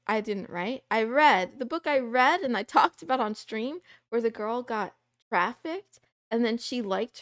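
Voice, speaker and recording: A woman's voice: a little high, no room sound, studio quality. A young adult woman streamer chatting casually and playfully with her live chat, rambling from topic to topic. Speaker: VTuber streamer.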